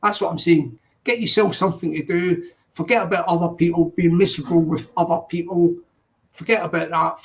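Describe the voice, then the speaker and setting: A rambling, upbeat man hosting a casual morning live stream. His voice sits high, and he greets viewers over and over in a sing-song lilt. The sound is dull and lo-fi. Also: normal speed.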